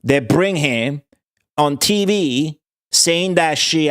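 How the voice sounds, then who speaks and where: A man's voice: on the high side, expressive, slow, fairly bright tone. A young man, telling a long, profane story to his stream viewers in a rambling, laughing way. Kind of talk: casual rant to stream viewers.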